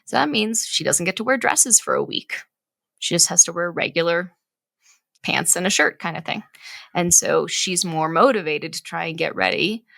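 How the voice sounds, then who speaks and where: Gravelly-voiced mother giving parenting advice. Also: on the low side, animated, moderate pace, a bit bright, no echo. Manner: earnest, explanatory, many "right?" tags. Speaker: podcast co-host. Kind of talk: casual parenting chat.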